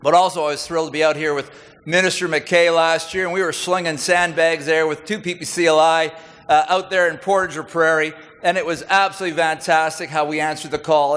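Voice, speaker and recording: A man's voice: on the high side, a bit bright. A middle-aged man, a senior military leader giving a folksy, conversational speech to an audience. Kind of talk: public speech with anecdotes. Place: large hall with audience. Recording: reverberant hall.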